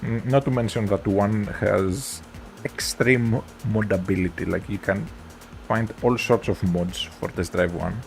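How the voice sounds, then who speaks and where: A man with a Greek accent, chatting casually with his viewers while streaming a racing game, in a relaxed, rambling way. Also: fairly low pitch, unhurried, creaky, soft background music. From Greece. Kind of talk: casual gameplay chat.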